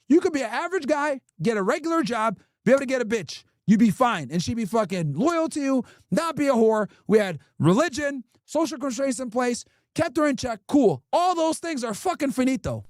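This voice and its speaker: A man's voice: extremely high pitch, sing-song, moderate pace, dry recording, faint music behind. A man hosting a livestream, ranting bluntly and profanely while reacting to clips. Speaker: livestream host. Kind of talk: casual streaming rant reacting to clips.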